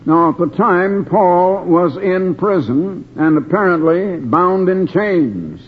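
An older man preaching a slow, deliberate Bible study sermon with many pauses and restarts, heard over a tinny broadcast. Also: high-pitched, lively intonation, breathy edge. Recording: tinny phone-like radio broadcast.

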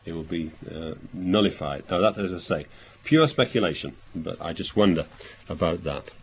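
A man preaching a sermon, reading verses aloud and explaining them, thinking aloud with pauses and restarts. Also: deep voice, lively intonation, breathy edge. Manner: expository, reads scripture aloud and explains it.

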